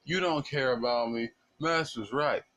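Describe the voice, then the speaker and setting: A man's voice: medium pitch, a little slow, close to an everyday voice. A man voicing a wife, an enslaved woman, who angrily accuses her husband of failing to protect her. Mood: furious. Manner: accusing, yelling. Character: furious betrayed enslaved wife, shrill.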